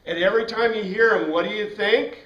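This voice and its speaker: Man, bible class lecture, slightly high voice, roomy echo, mic set back. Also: brisk, muffled recording. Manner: animated, asks the class questions, frequent "right?". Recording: echoey room, from a distance.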